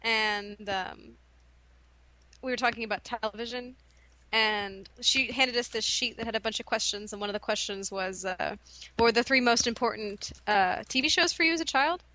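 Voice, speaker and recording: A young woman in casual conversation, laughing at her own embarrassments as she talks. Her voice sits a little high and bright. The sound is close and dry, with no room in it. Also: normal speed, no echo. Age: young adult. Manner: giggly, self-deprecating storyteller. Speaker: podcast co-host. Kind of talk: casual chat.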